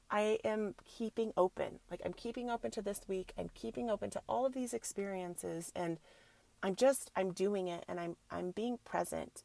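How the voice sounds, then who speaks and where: A woman hosting her own podcast, telling a personal story in a casual, animated way and mixing in spiritual affirmations for her listeners. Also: medium pitch, vocal fry, dry recording. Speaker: podcast host.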